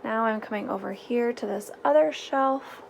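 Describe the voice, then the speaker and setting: A chatty woman in her thirties talks through her pantry shelves in a casual, practical way, her voice carrying a gravelly, creaky edge. She walks around her home with the camera, and a faint hiss sits under her words. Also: fairly high pitch, moderate pace. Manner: chatty and practical, thinking aloud with many fillers. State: out of breath after the stairs. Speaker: homemaking vlogger. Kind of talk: casual walk-through vlog. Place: home basement storage and pantry.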